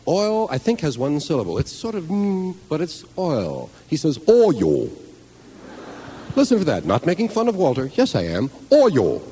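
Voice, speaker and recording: A man doing a stand-up comedy routine, telling rambling, profane, animated stories. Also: fairly high pitch, brisk, hardly any pauses, long reverb tail.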